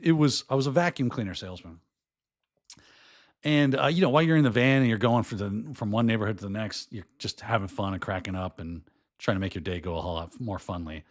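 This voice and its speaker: A middle-aged man talks in a loose, rambling way as he hosts his show, his voice worn hoarse. He keeps slipping into put-on accents between stories. His pitch sits in an ordinary middle range. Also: fast. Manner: chatty and rambling, often breaking into put-on accents. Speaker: podcast host. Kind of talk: casual livestream chat.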